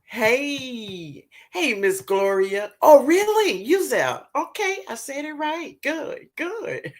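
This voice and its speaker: A woman hosts a casual live stream. She talks slowly and with a lively, up-and-down voice. She greets viewers one by one and laughs often. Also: high voice.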